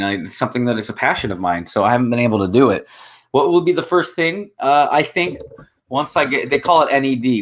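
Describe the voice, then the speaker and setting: A young man talking as a guest in an emotional, casual conversation, earnest and halting, with many restarts. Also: on the low side.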